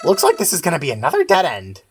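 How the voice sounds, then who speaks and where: A woman's voice: deep voice, huge pitch swings, fast, background noise. A woman voicing a scheming, vicious male talking flower who bosses and sneers. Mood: sneering. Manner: bossy, sneering, scolding.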